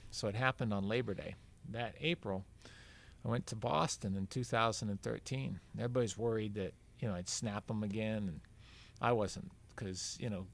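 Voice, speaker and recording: Gravelly older man telling a story. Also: on the low side. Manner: rambling, acts out quoted dialogue. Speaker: podcast guest, veteran marathon runner. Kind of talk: casual anecdotal storytelling.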